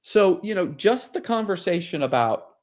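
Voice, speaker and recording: A man's voice: high voice, sing-song, normal speed. A man, a financial advisor, talking casually as an interview guest and telling stories with many fillers and restarts.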